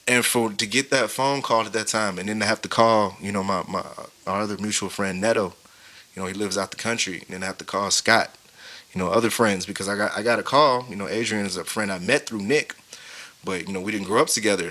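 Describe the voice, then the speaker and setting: A man's voice: lowish voice, pushed and bright. A man in his thirties, a podcast host, telling a painful personal story in a casual, heartfelt way, with many fillers. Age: 30s. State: tearful, grieving.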